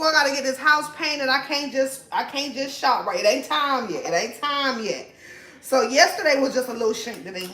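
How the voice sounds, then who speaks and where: A young woman chatting casually while cooking at home, profane and laughing often, her voice swinging between loud and soft. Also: fairly high pitch. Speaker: vlogger. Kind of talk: casual cooking vlog chat. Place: home kitchen. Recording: echoey room, faint noise.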